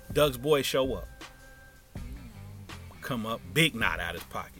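A man telling a wild story from his past in casual, profane speech, dropping to a hush and then rising loud. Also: fairly low pitch, moderate pace, long pauses, faint music behind. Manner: animated, profane, swings from hushed to loud.

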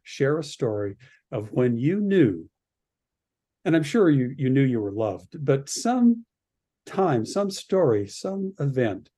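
Husky, lively Canadian-born man telling stories. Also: mid-range voice. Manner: acts out the voices of people in his story. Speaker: podcast guest, radio producer. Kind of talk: animated anecdote in a podcast interview.

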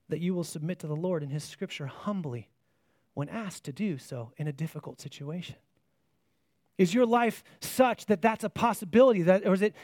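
A man with a fairly high voice preaches a sermon, earnest and searching, doubling back on his words as he works through each point. He puts rhetorical questions to his listeners, and the recording is close and dry. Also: a little mellow, no echo. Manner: earnest, repeats words as he restarts phrases.

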